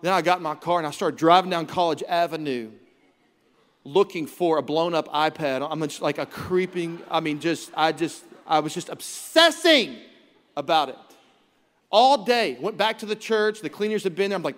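A man's voice: a little high, fast talker. A man preaching a sermon as pastor, telling a self-mocking story and acting out his own quoted lines. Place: church sanctuary. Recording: long hall reverb in church.

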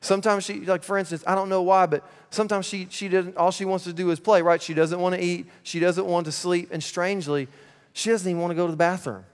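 A man in his thirties preaching a sermon as pastor, energetic and playful, dropping to a hushed, earnest tone at times. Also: sits high, fast, clear, resonant tone. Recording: reverberant church hall.

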